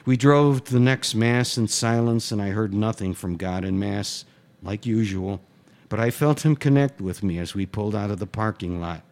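A man's voice: lowish voice, moderate pace, a little mellow. Man reading his story aloud. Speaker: writer reading his fiction. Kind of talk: first-person story reading.

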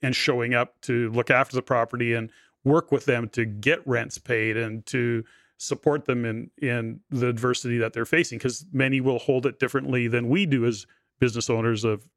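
A man's voice: mid-range voice, moderate pace, dry recording, studio quality. Chatty sixty-something man hosting. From Canada. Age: 60s. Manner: animated storyteller, many fillers like "you know". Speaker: podcast host. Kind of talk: casual interview chat.

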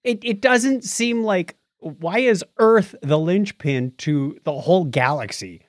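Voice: medium pitch, no room sound. A podcast co-host in casual chat who questions the story's logic. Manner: animated, quick to question plot points.

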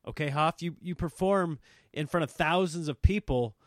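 A man who performs comedy for a living, talking in an animated, self-mocking, rambling monologue. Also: on the high side, moderate pace, no echo, studio quality. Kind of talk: casual talking-head monologue.

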